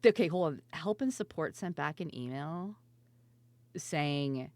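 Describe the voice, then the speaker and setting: A woman streamer chatting casually and loudly with her viewers, laughing often and swearing freely. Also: deep voice, expressive, measured pace, no echo. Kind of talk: casual live-stream chat.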